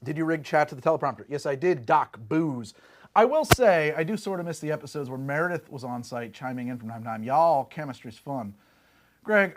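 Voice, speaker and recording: A middle-aged man with a New Jersey accent, hosting a rambling, jokey live stream from his home bar and reading out chat comments. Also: mid-range voice. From New Jersey, USA. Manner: rambling, animated, jokey asides. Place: home bar and lab room.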